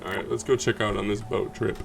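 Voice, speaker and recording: Gravelly low-voiced man playing a game. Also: steady tone, a little fast, music in the background. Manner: chatty, jokey, reads game lines aloud. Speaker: gameplay commentator. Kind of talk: let's play commentary.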